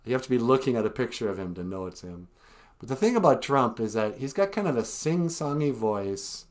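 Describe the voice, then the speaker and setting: A man's voice: medium pitch, big pitch swings, fairly quick. A man hosting a casual live stream, chatting about how he does his impressions. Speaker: host.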